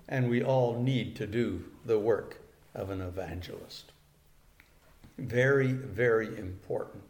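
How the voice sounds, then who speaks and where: Slow, earnest older man preaching. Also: mid-range voice. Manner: slow, earnest, repeats key phrases for emphasis. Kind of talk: sermon.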